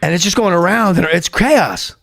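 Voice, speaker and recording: Brief: higher-pitched male guest, excitable anecdote teller who acts out the quotes and swears freely. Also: moderate pace, no echo, clean studio sound. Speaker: guest, former comedy sketch writer. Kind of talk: animated anecdote telling in a podcast chat.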